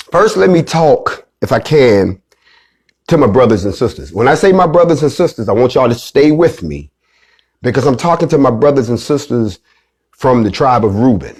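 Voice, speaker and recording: A man hosting an online class, preaching with fire, repeating his call-outs and swinging from loud high bursts to low hushed drops. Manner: emphatic, repetitive, rallying the listeners with call-outs. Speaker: host and teacher of an online class series. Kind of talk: fiery preaching lecture.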